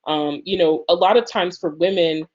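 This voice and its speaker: A woman with a lowish voice, speaking at normal speed, leads an online workshop as its instructor over a video call. Her speech is loose and heavy with fillers. The call audio is slightly muffled.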